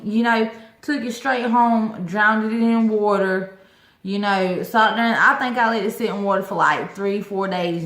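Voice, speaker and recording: A woman's voice: on the low side, fairly bright tone. A woman chatting casually to viewers about her orchids, exclaiming often and calling them y'all. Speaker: vlogger showing her orchid collection. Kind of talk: casual chat. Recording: echoey room.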